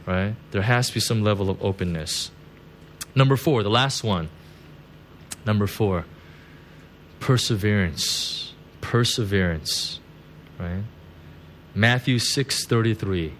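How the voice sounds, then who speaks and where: A pastor with a low, slightly bright voice preaches a conversational sermon at a measured pace, with long pauses and slight background noise. He tells stories, laughs at his own jokes, and chattily keeps checking in with "right?" and "you know."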